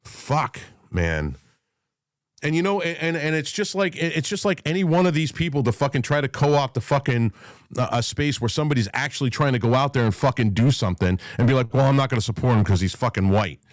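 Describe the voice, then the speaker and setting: A man's voice: mid-range voice, lively intonation, brisk, no room sound. A man hosting a live talk room, ranting in an angry, profane, emphatic way and repeating himself as he drives his points home. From New York, USA. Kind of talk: heated live chat rant.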